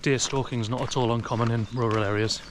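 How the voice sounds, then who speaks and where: A man's voice: mid-range voice, fairly even intonation, fast, noisy background. An English man chatting casually to an action camera outdoors in a forest, sometimes talking to his dog. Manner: chatty, talks to his dog in a raised sing-song voice. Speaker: outdoor vlogger. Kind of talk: casual walking commentary.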